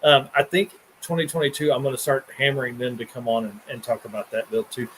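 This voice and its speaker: A man's voice: mid-range voice, little pitch movement, fast, fairly bright tone, a little hiss or hum, rough recording. A man hosting a car podcast, chatting casually and rambling with restarts and fillers. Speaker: podcast host.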